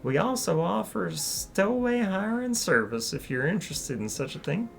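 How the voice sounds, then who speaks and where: A woman's voice: lowish voice, big pitch swings, normal speed, creaky, faint music behind, pitched above the performer's own voice. A woman voicing a kindly middle-aged crab innkeeper with a Southern US accent and homey, friendly talk.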